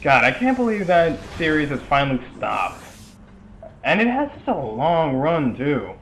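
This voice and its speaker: A man's voice: a little high, big pitch swings, measured pace, fairly bright tone, slight background noise. Rambling young man commenting on gameplay. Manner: rambling, chatty asides with frequent fillers. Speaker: let's play commentator.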